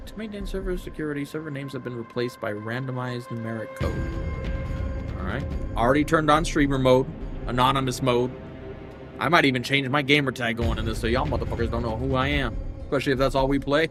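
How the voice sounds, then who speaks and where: A young streamer with a mid-range voice talks fairly quickly while music plays in the background. He rambles and curses casually during a live game stream, thinking aloud as he scrolls the menus.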